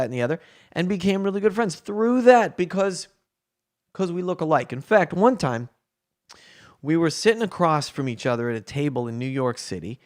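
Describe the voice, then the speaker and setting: Man, casual storytelling, slightly high voice, lively, acts out quotes. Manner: animated, acts out quoted people in a higher voice. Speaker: prankster telling a story.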